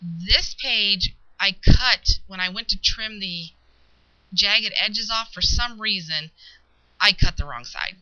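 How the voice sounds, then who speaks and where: A woman chatting casually through a craft show-and-tell, relaxed and pausing mid-sentence to find her words. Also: mid-range voice. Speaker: craft video maker. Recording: dull lo-fi home video audio.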